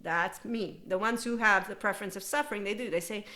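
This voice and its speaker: Speaking a little fast in a mid-range voice, a middle-aged podcast host carries an animated, unplanned monologue. She laughs frequently and puts on voices when quoting people.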